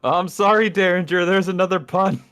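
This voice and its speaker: A man's voice: high-pitched, fairly even intonation, normal speed, fairly bright tone, clean tone, faint music behind. Playful punning man, easy laughter. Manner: playful, laughs a lot, loves puns. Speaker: guest. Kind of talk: casual livestream chat.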